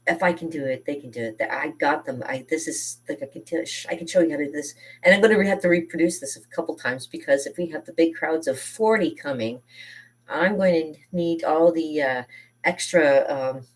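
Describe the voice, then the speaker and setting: A woman's voice: deep voice, a little fast, slightly rough, recorded from a distance. A woman chatting casually and enthusiastically as she shows kids' painting projects, with lots of fillers and self-corrections. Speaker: art teacher showing kids' painting projects. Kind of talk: casual chat.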